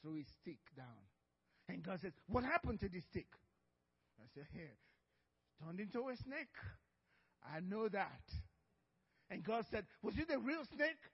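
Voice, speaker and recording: A man's voice: sits high, big pitch swings, a little slow, long pauses, breathy edge, long reverb tail, highs cut off. A man preaching a sermon as pastor, telling a story with frequent laughter and acted-out dialogue.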